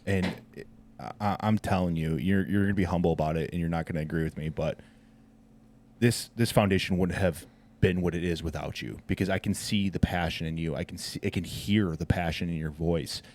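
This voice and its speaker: A man's voice: low-pitched, brisk, darkish tone. A man hosting a podcast, talking earnestly and encouragingly to his guest, calling him brother. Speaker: podcast host. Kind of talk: casual podcast conversation.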